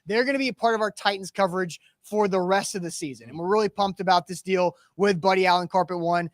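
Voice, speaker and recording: A man's voice: sits high, fast, no echo, studio quality. A man hosting a live sports talk show, chatting casually about football and reading sponsor plugs with energy. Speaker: sports podcast host.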